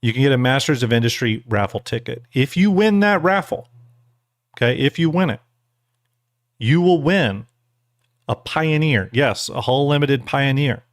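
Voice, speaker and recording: A streamer speaks at normal speed in a mid-range voice, pausing often, on a clean studio recording with no echo. A little tipsy and relaxed, he rambles, eats jelly beans, thanks donors and explains the giveaways.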